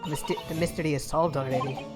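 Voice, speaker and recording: A woman's voice: sits low, fairly even intonation, quick pace, loud music behind the voice, natural voice. A woman voicing a refined, proud female waxwork museum owner, read in her own near-plain voice.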